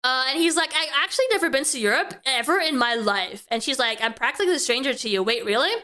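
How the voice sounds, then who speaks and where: High, bright-voiced woman commentator. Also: animated. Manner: reads quoted lines quickly, breaks off with exasperated exclamations. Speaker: VTuber commentator. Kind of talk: reading messages aloud and reacting.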